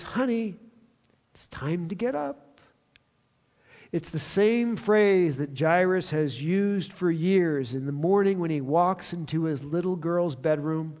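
A man preaching a sermon as a pastor, telling the story in an animated way that swells with excitement. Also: high-pitched, in a large hall.

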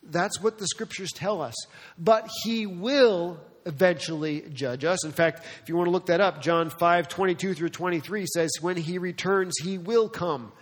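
A man's voice: high voice, normal speed. A man preaching a sermon, emphatic, asking rhetorical questions and acting out the people he quotes. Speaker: pastor. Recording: long hall reverb.

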